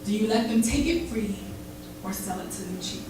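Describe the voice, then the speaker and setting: A young woman performing spoken word poetry with rhythm and dramatic pauses at a live event in a barber shop. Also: a little high, animated, heavy background noise. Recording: echoey room heard from far off.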